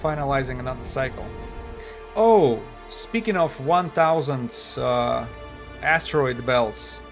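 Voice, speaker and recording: A man's voice: medium pitch, measured pace, music in the background. Man streaming a game, voice tiring. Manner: chatty, thinks aloud with fillers and non-native phrasing. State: voice tiring after hours of talking. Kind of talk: casual live-stream commentary.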